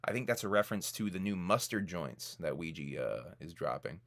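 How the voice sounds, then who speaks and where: A man with a low voice and a lively, swinging delivery chats casually on a live-stream podcast. He jokes loosely and calls out viewers in the chat. He sounds like he is in his thirties. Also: brisk. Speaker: podcast co-host.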